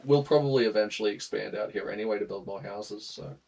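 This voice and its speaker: A young Australian man streams a game and chats casually with viewers, laughing a lot and greeting chat. His voice is lowish, quick, gravelly, husky and a little mellow, and the recording quality is poor.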